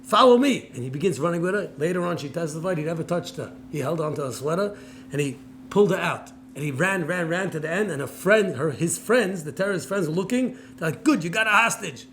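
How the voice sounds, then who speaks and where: A man, a rabbi, preaching a sermon as an animated story, acting out the dialogue, swinging between loud and soft, with Hebrew words mixed in. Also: fairly high pitch, quick pace, slight background noise.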